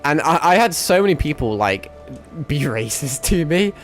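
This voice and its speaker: A man's voice: fairly high pitch, big pitch swings, moderate pace. A young man with a mixed northern English accent, chatting casually to his livestream while gaming, rambling, swearing and laughing often. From England. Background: faint background music.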